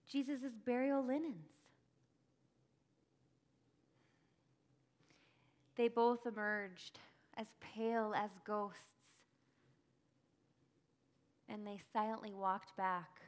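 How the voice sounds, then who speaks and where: A woman acting a grieving early follower in a first-person dramatic monologue, telling it breathlessly and crying out in high bursts. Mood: hushed. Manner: emotional, breathless storytelling, cries out in high bursts. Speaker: church dramatic monologue performer.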